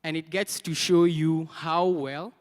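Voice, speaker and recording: A man's voice: fairly high pitch, steady tone, measured pace. A man presenting a product at a conference, drawing the audience into call-and-response. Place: conference hall. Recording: reverberant conference hall.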